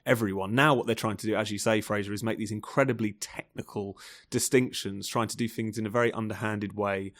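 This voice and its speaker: A man on a podcast, arguing briskly in casual discussion. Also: on the low side, fairly even intonation, a bit bright, no echo, clean studio sound. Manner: brisk, argumentative.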